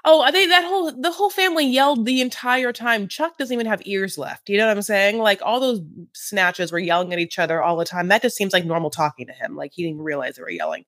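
A man's voice: high-pitched, fast talker, few pauses, a bit bright, no room sound, studio quality. A man co-hosting a podcast, recapping reality TV in a campy, sassy, gossipy way. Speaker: podcast co-host. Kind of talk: casual reality TV recap chat.

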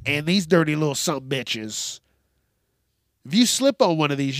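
A man's voice: on the high side, expressive, measured pace, long pauses, no echo, studio quality. A male podcast host ranting through a profane solo monologue, congested from allergies.

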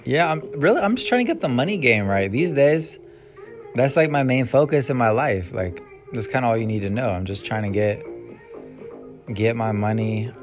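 Speaking at a moderate pace in an expressive, medium-pitched voice, a young man hosts a solo podcast while music plays. His casual musings keep trailing away, punctuated by ums and sighs.

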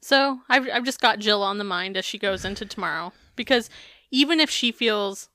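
A woman hosting a podcast, her voice bright and crisp. She reads a memoir excerpt aloud, then drifts into loose, candid chat full of fillers and the odd curse. The sound is dry and close. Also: medium pitch, moderate pace, no room sound. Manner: candid, swears freely, filler-heavy. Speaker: podcast co-host.

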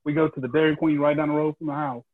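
A man's voice: a little high, level tone, rapid-fire, no echo. A man telling a rambling, easygoing story in casual chat, with lots of fillers. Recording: dry, dull close mic.

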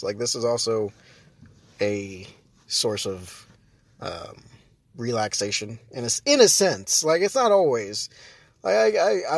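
A man's voice: medium pitch, husky, dry recording. A man hosting his own podcast, chatting casually and rambling, breaking off mid-sentence and laughing often. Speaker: podcast host. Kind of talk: casual solo podcast chat.

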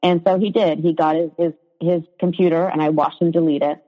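A woman's voice: sits low, fairly even intonation, brisk. A woman telling her own story in a conversation, hesitant, with frequent fillers and restarts. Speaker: guest sharing her story. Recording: reverberant, dull lo-fi sound.

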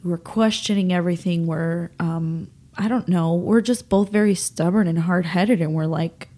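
A woman's voice: fairly low pitch, moderate pace, warm tone. A young woman hosting a solo podcast, talking openly and emotionally, rambling with many fillers, nasal and close to tears. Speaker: podcast host.

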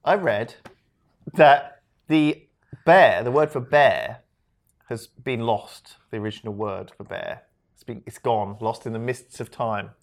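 A man co-hosting a podcast, chatting casually and making rambling jokes. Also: mid-range voice. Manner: joking, rambling, quick to laugh. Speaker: podcast co-host. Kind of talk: casual chat.

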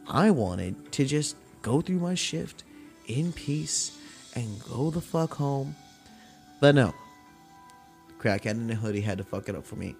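A man's voice: medium pitch, a little slow, gravelly, pauses often, soft background music. A young man hosting a podcast who tells stories in a loose, profanity-heavy rant and acts out the people he quotes. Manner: profane, animated retelling with acted-out quotes. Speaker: podcast host. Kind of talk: casual storytelling rant.

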